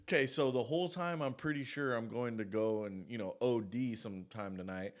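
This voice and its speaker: A man's voice: medium pitch, fairly quick. Man, casual monologue storyteller, profane and rambling, lots of asides.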